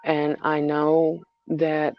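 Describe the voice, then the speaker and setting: A mother talking through a hard personal story in a halting way, repeating herself with many fillers. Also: low-pitched, completely flat delivery, dry recording, dull audio. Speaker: mother vlogger. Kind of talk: emotional personal vlog.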